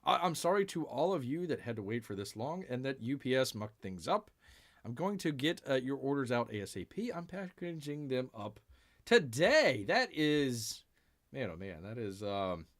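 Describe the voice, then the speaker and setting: Rambling man hosting a live stream. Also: medium pitch. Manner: rambling, speaks of himself in the third person; drawn-out "ay, ay, ay" sighs and mumbled asides. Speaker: show host. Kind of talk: live-stream news chat.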